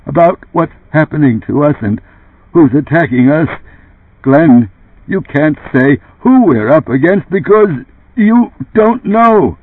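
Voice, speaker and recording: A tense, suspicious man, as a male audiobook reader puts him on who presses with sharp, accusing questions. The husky voice rises and falls a lot. The sound is dry and thin, like a phone line. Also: mid-range voice, sing-song, measured pace, voice pushed up, heavily acted. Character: tense, suspicious man confronting his boss.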